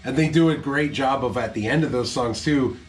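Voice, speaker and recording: Laid-back male co-host, mid-pitched, easygoing review chat. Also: fairly quick, faint music behind. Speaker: metal album reviewer. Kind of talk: casual album review chat.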